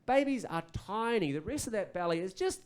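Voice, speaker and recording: Kiwi stand-up comic, thirties, animated storyteller, slightly high voice, live club mic. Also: male voice, fairly quick, noisy background. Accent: New Zealand. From New Zealand. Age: 30s. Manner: animated, acts out kids and parents. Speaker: stand-up comedian. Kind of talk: stand-up comedy set. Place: comedy club stage.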